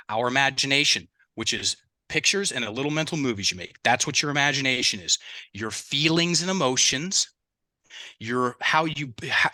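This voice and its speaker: A man's voice: medium pitch, pushed and bright, dry recording. A man as a mindset coach, telling stories in a casual interview and acting out quoted dialogue with animation, speaking into a headset.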